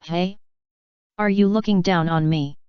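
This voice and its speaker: A woman's voice: on the low side, steady tone, a little slow, clean tone, no echo, highs cut off, lightly acted. Woman reading as a curt, arrogant male ninja. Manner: curt, brusque.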